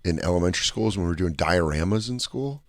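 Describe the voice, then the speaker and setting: A man's voice: deep voice, fast talker, no echo. A man co-hosting a podcast, trading crude jokes and childhood stories in casual chat. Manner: animated, crude jokey banter. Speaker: podcast co-host.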